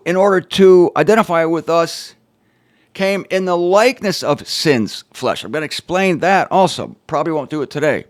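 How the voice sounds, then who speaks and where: Animated man giving wry Bible teaching. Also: on the high side, dry recording, clean studio sound. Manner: emphatic and animated, with wry sarcastic asides. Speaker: Bible teacher and show host. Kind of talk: informal Bible teaching to camera.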